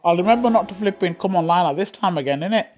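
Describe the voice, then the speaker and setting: A man with a British accent giving chatty, excitable live commentary on a racing game over a headset mic, laughing often and grumbling in mock outrage. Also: high voice, fast, lo-fi sound. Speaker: gaming streamer. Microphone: gaming headset.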